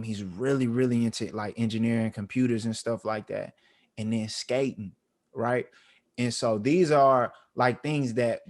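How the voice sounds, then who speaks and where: Casual podcast co-host, man, thirties, middle pitch, slangy and heartfelt storyteller. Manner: slangy, emotional, full of fillers.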